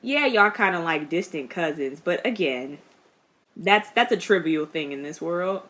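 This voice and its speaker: A young woman reacting to a TV series in a casual, chatty way. She talks straight at the screen and laughs often. Her voice is a little low in pitch but bright and forceful. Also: lively intonation, measured pace. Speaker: reaction vlogger.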